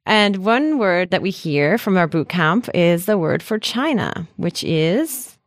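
Chatty woman teaching, lively dry voice. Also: on the low side, takes it slowly, no echo. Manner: chatty, explains patiently, laughs often. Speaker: language lesson co-host. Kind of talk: casual podcast lesson.

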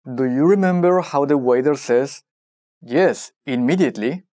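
A narrator with a warm, medium-pitched voice leads a scripted language lesson. They prompt the listener and model each word slowly and deliberately.

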